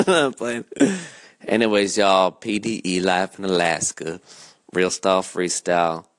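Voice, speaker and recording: A man's voice: low-pitched, slow pace, dry recording. A man hosting a casual show, chatting in slangy banter and rapping in a rhythmic rhyming flow. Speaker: podcast host and freestyle rapper. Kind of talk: casual chat and freestyle rap over a beat. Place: Alaska. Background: hip hop beat.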